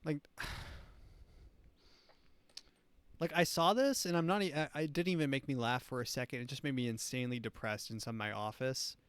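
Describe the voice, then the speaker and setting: This is a man hosting a comedy show, reacting to clips in a rambling, mocking way that keeps restarting. His voice sits at an ordinary middle pitch, and it is recorded close and dry. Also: unhurried, long pauses, smooth, no room sound. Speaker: show host. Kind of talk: casual commentary on clips.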